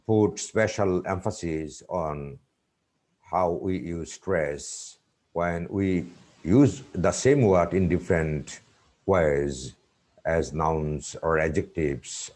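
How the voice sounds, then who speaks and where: A man giving a webinar lecture on English pronunciation, speaking deliberately and repeating each example word. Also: deep voice, a little mellow. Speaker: university lecturer.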